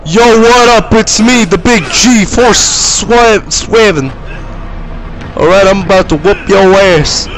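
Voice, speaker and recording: Guy doing a loud, cocky young rival, high and shouty, fan-dub bravado. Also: slow pace, exaggerated voice, low-quality recording. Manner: brash shouting trash talk.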